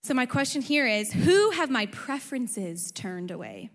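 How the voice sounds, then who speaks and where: A young adult woman pastor preaching a sermon, conversational and animated, with frequent rhetorical questions. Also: fairly high pitch, measured pace, few pauses. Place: church auditorium. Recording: long reverb of a large hall.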